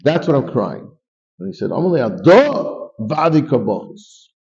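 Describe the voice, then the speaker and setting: A man teaches a Talmud class in a gravelly, mellow voice. He reads Aramaic lines and explains each in English, often starting over mid-phrase. The recording sounds dull and lo-fi. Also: a little high, very animated, normal speed. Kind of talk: Talmud class, reading and translating.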